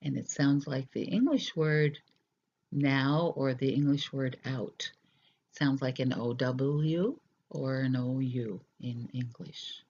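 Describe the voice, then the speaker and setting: A teacher giving a recorded language lesson, explaining slowly and deliberately with hesitant fillers, in a dull lo-fi recording. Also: medium pitch, steady tone, a little mellow.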